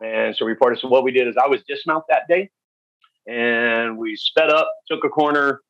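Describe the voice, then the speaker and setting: A man shares stories as a podcast guest. He speaks candidly and haltingly, with lots of fillers, at a mid pitch. The recording sounds dry and a little dull. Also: a bit bright, no room sound. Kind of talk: storytelling interview.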